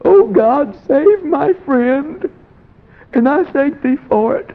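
A man voicing a middle-aged friend praying fervently in a high, imploring voice. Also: lively intonation, takes it slowly, narrow, tinny audio, full character voice.

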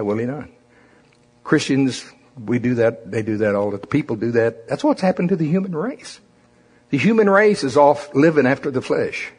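A husky-voiced male pastor preaching with fervor. His delivery swings from quiet and low to loud and high, with many slowed, stressed phrases. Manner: impassioned preaching, rising and falling dynamics. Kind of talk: sermon.

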